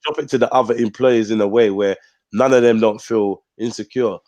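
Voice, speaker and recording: A man's voice: fairly low pitch, a little fast, no room sound. A young man hosting a casual live chat show, telling stories animatedly and acting out what people said. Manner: animated, acts out quoted speech.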